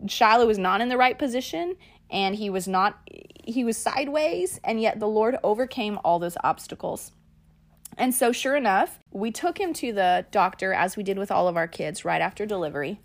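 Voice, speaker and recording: A woman podcast host, telling a personal story in a lively way and calling her listeners y'all and guys. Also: mid-range voice, moderate pace. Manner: animated, acts out quoted lines.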